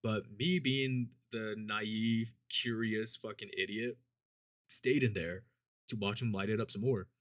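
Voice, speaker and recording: A man's voice: steady tone, unhurried, no room sound, studio quality. A man telling a story in casual, rambling speech, swearing often and filling gaps with "like" and "you know". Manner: acts out quoted people with shifts in pitch and loudness.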